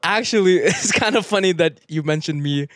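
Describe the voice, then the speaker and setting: A man's voice: sits high, moderate pace, dry recording. A young man co-hosting a podcast, chatting casually and laughing often. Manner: laughs often, animated slam-poem delivery. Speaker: podcast co-host. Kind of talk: casual chat.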